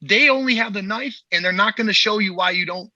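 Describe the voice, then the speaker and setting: A man with a high, very bright and husky voice, talking bluntly and with a lot of swearing on a casual podcast. The sound is dry and a little dull. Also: fairly quick, no room sound. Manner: blunt, profane, heated and emphatic. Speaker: podcast host, movement coach.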